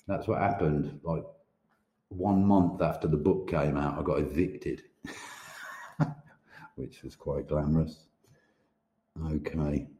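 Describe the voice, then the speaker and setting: A man's voice: low voice, lively intonation, normal speed, dark tone, roomy sound. A man who is an author talking casually on a podcast, rambling, swearing and laughing often. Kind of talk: casual chat.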